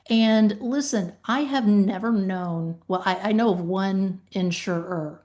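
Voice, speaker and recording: A woman's voice: mid-range voice, unhurried, hardly any pauses, a little mellow. A woman with a Southern US accent, a former claims manager, chatting on a podcast and acting out tough phone calls. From American South. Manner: emphatic, acts out phone calls in quoted voices. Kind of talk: casual podcast chat.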